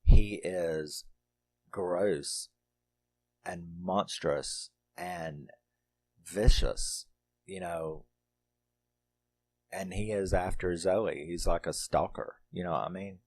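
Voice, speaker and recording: A man's voice: deep voice, extremely slow, long pauses, a little mellow. A middle-aged man reviewing a horror movie in casual, rambling talk, laughing often and swearing freely.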